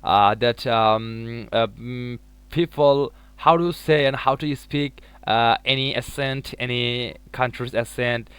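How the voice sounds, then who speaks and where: Guy practicing english in a casual chat, lots of uhs, smooth clear voice, dry sound. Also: mid-range voice, slow pace, fairly bright tone, no echo. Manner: hesitant, many fillers, laughs often. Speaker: English learner in conversation.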